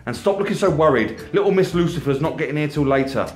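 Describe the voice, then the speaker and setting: A man's voice: a little high, animated, quick pace, soft background music, voice pushed up, close to an everyday voice. A man voicing a cheeky young man who teases his friend with pushy questions, in an echoey room. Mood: wry. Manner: teasing, prodding questions.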